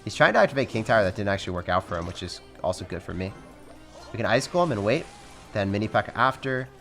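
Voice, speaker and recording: A young man narrates a match as he plays, talking quickly and excitably while speaking straight to his viewers. His voice sits fairly low, and soft music runs underneath him. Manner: excitable, addresses viewers as guys. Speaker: game commentator. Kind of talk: fast live gameplay commentary.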